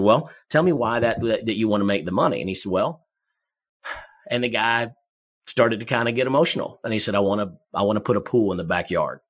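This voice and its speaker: A man coaching salespeople in a conversation, energetic and quick, often repeating words as he talks. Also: fairly low pitch, breathy edge. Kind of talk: conversational advice, storytelling.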